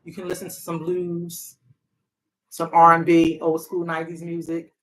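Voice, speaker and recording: A woman's voice: lowish voice, completely flat delivery, normal speed, slight background noise. A woman therapist and hotline counselor in a casual, reflective monologue, talking earnestly and often repeating her key phrases.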